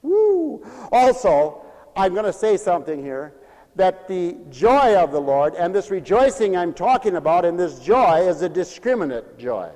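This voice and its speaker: A man preaching a fervent sermon in a high voice, dropping to quiet asides and then rising to long, shouted proclamations. His voice rings out with a long reverb in a large church sanctuary. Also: animated, moderate pace.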